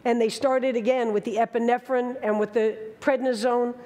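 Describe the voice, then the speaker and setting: A woman's voice: a little high, fairly even intonation, normal speed, warm tone, in a large hall. A woman in her sixties telling a dramatic story on stage, with vivid, emphatic bursts. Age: 60s. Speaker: speaker. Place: large hall with an audience.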